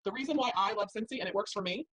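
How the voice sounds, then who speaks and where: Upbeat sales lady pitching her team, talks fast, bit husky. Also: a bit bright, poor audio. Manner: upbeat, persuasive. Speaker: direct sales seller. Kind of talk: motivational sales talk.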